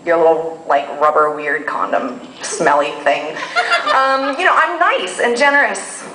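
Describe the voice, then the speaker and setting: A woman telling a bawdy story live on stage, expressive and laughing often, captured on a phone in an echoey room. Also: low voice, a little slow, background noise. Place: live venue with audience. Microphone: phone recording.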